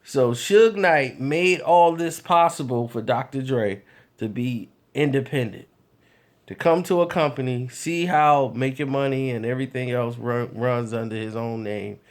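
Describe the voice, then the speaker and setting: A man vlogging, telling casual stories in an animated, loose way with frequent laughs. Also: mid-range voice, measured pace. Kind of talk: casual storytelling.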